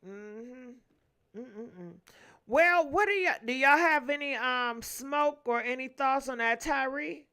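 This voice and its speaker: A woman's voice: high voice, slow pace, bright, forceful tone, clean tone. A young woman, hosting a casual gossip livestream, reading viewer comments aloud, laughing often and humming to herself between them.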